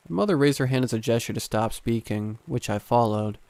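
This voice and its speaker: A man narrating a scripted horror story in a calm, steady first-person way. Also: medium pitch, a little fast, smooth, no room sound.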